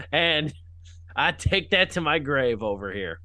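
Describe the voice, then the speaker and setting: Male podcast host, mid pitch, dry close mic, rambling and self-deprecating. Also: very animated, takes it slowly, pushed and bright, no room sound. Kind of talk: casual podcast chat.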